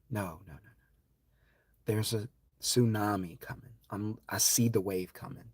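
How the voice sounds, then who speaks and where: A man hosting a live stream, talking in an impassioned, preachy way that swings from loud to hushed. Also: lowish voice, steady tone, a little slow, husky, dry recording.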